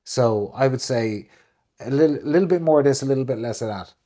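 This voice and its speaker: A man co-hosting a casual chat, talking animatedly and jumping into big high voices when he quotes people. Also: a little fast, warm tone. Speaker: co-host.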